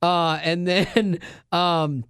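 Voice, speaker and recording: A man's voice: high-pitched, drawn-out words, smooth, dry recording, studio quality. A middle-aged man hosting a radio show, telling stories in casual chat and acting out the voices of the people in them. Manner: animated storyteller, acts out voices.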